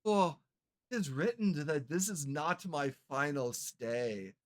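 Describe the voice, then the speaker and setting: A game master voicing a gloating undead male lich villain who delivers a slow, drawn-out, menacing monologue in a tabletop game. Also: mid-range voice, expressive, pitched below the performer's own voice.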